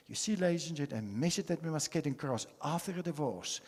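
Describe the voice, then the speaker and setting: Man, psychologist, husky, lively sermon-like delivery, long hall reverb. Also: fairly high pitch, quick pace, hardly any pauses. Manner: animated, preachy, often saying "ladies and gentlemen". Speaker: psychologist speaker. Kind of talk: conference Q&A talk.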